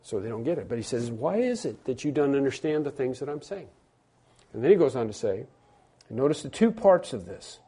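A man's voice: mid-range voice, sing-song, brisk, mellow, breathy edge. A man preaching a sermon in a conversational way, repeating himself, restarting phrases and rising to emphatic lines. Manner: rises to emphatic stressed phrases. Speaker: pastor.

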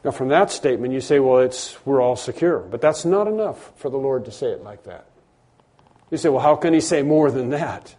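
A man preaching a sermon, stressing words loudly and then dropping low, often repeating phrases. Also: lively intonation, normal speed. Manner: emphatic, repeats phrases, swings between loud stresses and quiet drops.

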